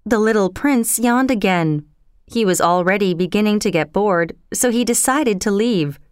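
A woman reading a storybook aloud in a slow, expressive way. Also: medium pitch, smooth, no echo, clean studio sound.

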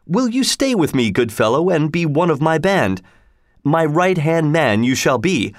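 A man's voice: on the high side, big pitch swings, measured pace, dry recording, clean studio sound, pitched above the performer's own voice. A man voicing a cheerful, bold male outlaw leader who speaks in a hearty, laughing tone, raised above his narrating voice.

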